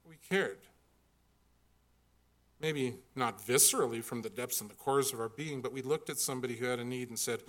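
A man's voice: medium pitch, fairly even intonation, moderate pace, a bit bright. A middle-aged man preaching a sermon, earnest and building to emphatic peaks when he reads scripture. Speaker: pastor.

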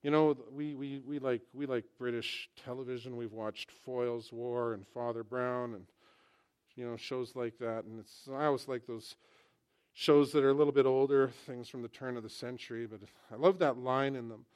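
Brief: a mid-pitched man preaching in a church, casual and storytelling. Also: normal speed, clear, resonant tone. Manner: conversational, animated storytelling with humor. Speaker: pastor. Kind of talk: sermon.

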